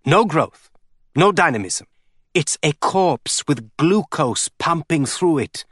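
A man's voice: on the high side, lively intonation, slow pace, fairly bright tone, slightly rough, no room sound, studio quality, pitched above the performer's own voice, heavily acted. A man reading an audiobook, voicing a scornful man who lectures with contempt. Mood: contemptuous. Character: scornful man, harsh institute head.

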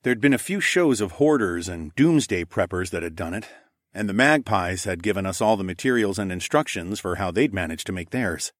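A man narrating a first-person story in a steady, even way. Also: low-pitched, normal speed, no room sound, clean studio sound. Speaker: audiobook narrator.

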